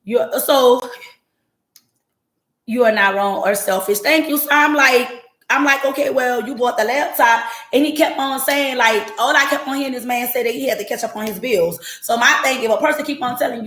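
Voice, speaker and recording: This podcast host's voice is on the high side and fairly bright, at normal speed, and the room sounds echoey. Using a home livestream setup, she talks straight to her chat, telling her story bluntly and with profanity.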